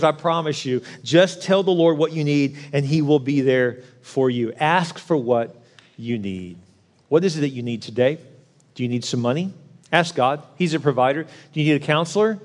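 A man's voice: a little high, normal speed. A man preaching a sermon, telling a story earnestly and with emphasis before urging listeners to pray and forgive. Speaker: pastor.

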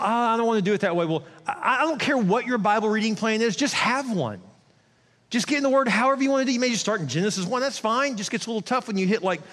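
A man with a high voice preaching in a lively, conversational way. He talks to the congregation directly and throws in quick asides. His voice rings out with a long reverb from a large church hall. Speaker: pastor. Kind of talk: sermon.

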